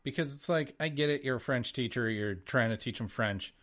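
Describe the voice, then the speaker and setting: A man co-hosting a podcast, chatting casually in an animated way, swearing and laughing often. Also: mid-range voice, a little fast. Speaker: podcast co-host. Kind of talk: casual chat.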